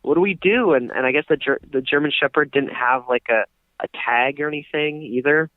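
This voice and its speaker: A man's voice: mid-range voice, fairly even intonation, brisk, no room sound. A young man co-hosting a podcast, telling a long story in casual chat, full of fillers and restarts. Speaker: podcast co-host. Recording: dry, tinny phone-like sound.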